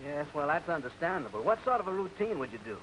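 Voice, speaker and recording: A man's voice: on the high side, sing-song, quick pace, fairly bright tone, a little hiss or hum, poor audio. A young man playing a breezy straight man in 1940s film comedy dialogue. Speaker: actor playing himself.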